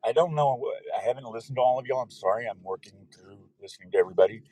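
A man hosting a loose, joking chat show, rambling and now and then bursting into loud put-on voices. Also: mid-range voice, rapid-fire, poor audio. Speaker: podcast host. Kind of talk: rambling casual chat with listeners.

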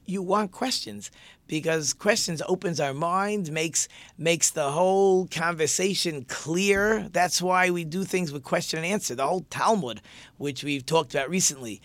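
A man's voice: fairly high pitch, fairly bright tone, no room sound. A male teacher giving a conversational religious lesson and posing rhetorical questions to his listeners.

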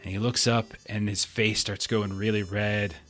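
A man's voice: fairly low pitch, little pitch movement, moderate pace, a bit bright, faint music behind. A man narrating a tabletop game as game master, in a loose, rambling way with many fillers.

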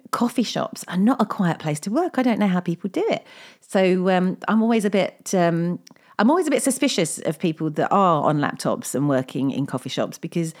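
A middle-aged woman hosting a casual solo podcast, telling rambling anecdotes and laughing often. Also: sits low. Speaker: podcast host.

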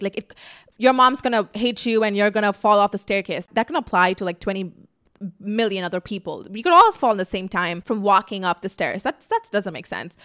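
A young woman chatting straight to camera in a casual vlog. She is blunt and emphatic, swears often, and slips into animated little impressions of other people. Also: medium pitch. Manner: animated, acts out quotes. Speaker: vlogger.

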